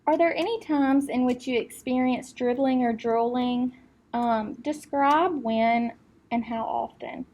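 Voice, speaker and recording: A woman acting as speech clinician, giving calm step-by-step test instructions with occasional fillers. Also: on the high side, measured pace.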